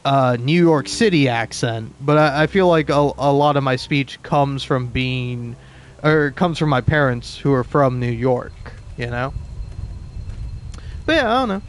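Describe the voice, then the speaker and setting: A man's voice: medium pitch, unhurried. A young man in his twenties with an East Coast American accent, rambling and cursing through casual gameplay commentary full of restarts. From southeastern United States. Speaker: let's play host.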